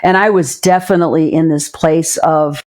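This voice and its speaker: A woman's voice: deep voice, steady tone, moderate pace, a little mellow. A middle-aged woman, a psychologist guest, speaking candidly and earnestly in a reflective interview, often restarting and repeating her phrases.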